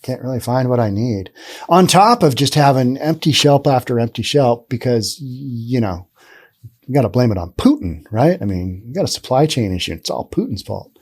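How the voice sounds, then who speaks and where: Opinionated man, lively pitch. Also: moderate pace, slightly rough. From Pacific Northwest, US. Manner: opinionated, rambling, sarcastic asides. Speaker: podcast host. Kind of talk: casual solo commentary.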